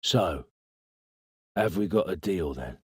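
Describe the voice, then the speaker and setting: A man's voice: sits low, expressive, takes it slowly, husky, dry recording, clean studio sound, exaggerated voice. A man voicing a crude, smug small-time crook who tells police his story hesitantly and bargains for a deal. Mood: sullen. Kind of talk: audiobook character voice.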